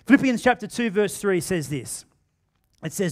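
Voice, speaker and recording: A man with an Australian accent preaching a sermon in a church, swinging between loud emphatic bursts and quiet asides. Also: high voice, sing-song, moderate pace. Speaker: pastor. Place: church auditorium.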